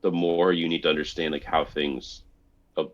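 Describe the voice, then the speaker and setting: Male co-host, very deep, muffled lo-fi mic, loose chatty delivery. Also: level tone, moderate pace. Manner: conversational, fillers like "like". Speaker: podcast co-host. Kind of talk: casual chat. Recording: dull lo-fi mic.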